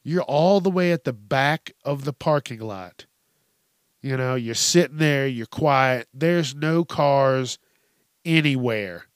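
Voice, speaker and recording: A man's voice: medium pitch, takes it slowly, clear, resonant tone, dry recording, clean studio sound. A man hosting a podcast, telling a profane, exasperated comedic rant in casual talk. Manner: profane, ranting, exasperated storytelling. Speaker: podcast host.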